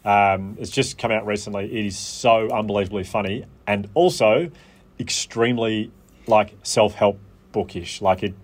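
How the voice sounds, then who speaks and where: An Australian man with a lowish voice, talking as a guest on a chat podcast. He tells stories animatedly, with quick asides and chuckles. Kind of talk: casual chat.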